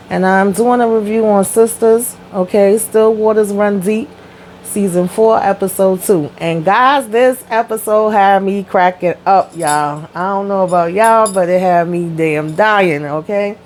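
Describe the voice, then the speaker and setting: A woman's voice: on the low side, darkish tone, slight background noise, poor audio. A young woman reviewing a TV episode in a casual, slangy storytelling way, with mild cursing. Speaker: TV show reviewer. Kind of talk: casual recap chat.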